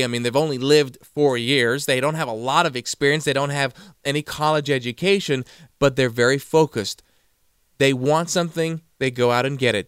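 A man's voice: medium pitch, fairly bright tone, clean tone, no room sound, studio quality. A man giving a motivational talk, telling stories and acting out the quoted voices. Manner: storytelling, acts out quoted voices. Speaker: motivational speaker.

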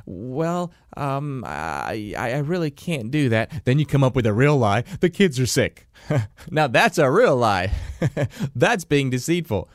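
A man giving a motivational self-help lesson, animated and quizzing the listener with questions. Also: medium pitch, no room sound, clean studio sound. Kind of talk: motivational teaching talk.

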